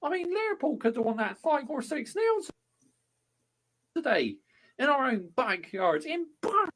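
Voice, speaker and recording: A man, a football fan vlogger giving an angry rant to camera, shouting and swearing heavily. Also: very high-pitched, very animated, a little slow. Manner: furious, shouting, heavy swearing.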